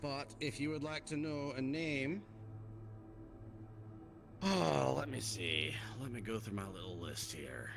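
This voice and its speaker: A man roleplaying a gang leader on a live stream, questioning calmly and often murmuring agreement. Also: mid-range voice, gravelly, background noise. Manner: calm, probing, drawn-out murmured agreement. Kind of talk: in-character roleplay dialogue. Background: background music.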